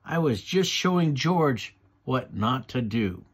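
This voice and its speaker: A man's voice: mid-range voice, animated, takes it slowly, slightly rough. A man voicing an eager, bossy little girl piglet in a read-aloud storybook.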